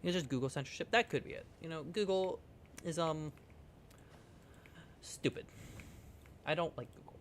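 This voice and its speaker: A man's voice: on the high side, moderate pace, pauses often. Guy streaming a game, goofy and rambly, jokes and swears, faint noise behind. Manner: playful, rambling, jokey, swears. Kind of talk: casual game livestream chat.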